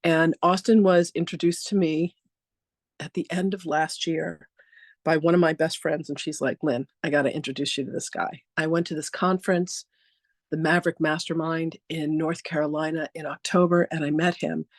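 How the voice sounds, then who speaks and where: Effusive woman hosting with lively anecdotes. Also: sits low, moderate pace, no echo, clean studio sound. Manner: animated, acts out dialogue with "I'm like"; effusive, laughs often. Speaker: host introducing a guest. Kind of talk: chatty storytelling introduction.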